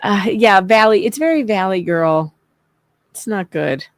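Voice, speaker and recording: A woman co-hosts a casual live stream, dropping wry remarks and quick agreement. Her voice sits at a middle pitch, and the sound is dry and close. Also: expressive, no echo. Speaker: co-host guest.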